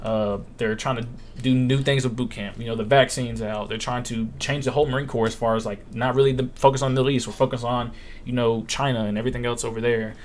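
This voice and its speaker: A young man in his twenties answers questions on a casual live stream, speaking quickly in a mid-range voice with fairly even intonation. He swears freely, tells stories bluntly and voices other people's quotes, over a faint hiss or hum.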